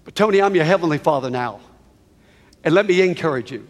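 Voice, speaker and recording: A man voicing God as a tender, reassuring father, speaking gently within a sermon. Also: fairly high pitch, expressive, a little fast, voice pushed down. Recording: reverberant hall.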